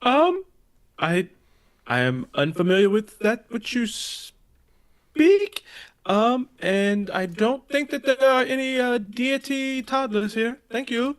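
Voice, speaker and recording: Man voicing a mild, calm adventurer, polite, hesitant, higher than his own voice. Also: takes it slowly, exaggerated voice. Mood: polite, evasive. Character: mild gentle male adventurer, calm, non-assertive.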